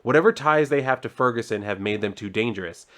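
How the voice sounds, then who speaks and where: A stern, protective male police chief gives firm, blunt warnings, as a man reads him out from a comic. The voice sits at an ordinary middle pitch. It is a casual reading rather than a full performance. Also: animated, fast talker, fairly bright tone, close to an everyday voice.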